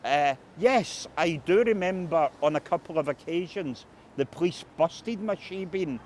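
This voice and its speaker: A man putting on an eccentric older anarchist who clears his throat and talks primly. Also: fairly high pitch, expressive, unhurried, a little hiss or hum, pitched above the performer's own voice. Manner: stiff throat-clearing, prim. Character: eccentric older male local anarchist, dry and formal.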